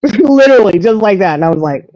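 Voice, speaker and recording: A woman hosts a live stream, telling an animated story and slipping into the voices of the people in it. Her voice comes through muffled and lo-fi. The audio is dry, with no room sound. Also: medium pitch, fast, no echo. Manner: animated storyteller who acts out others' lines. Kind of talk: casual storytelling chat.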